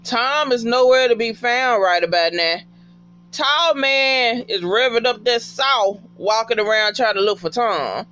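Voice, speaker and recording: A woman giving a casual TV episode recap in an animated, profane way and talking back to the characters. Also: a little high, unhurried, highs cut off, slight background noise.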